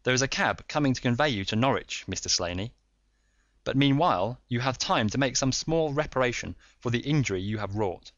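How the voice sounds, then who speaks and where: A man reading a calm, stern middle-aged detective who speaks in a measured, authoritative way. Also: mid-range voice, dry recording, highs cut off, voice pushed up, natural voice. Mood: cool.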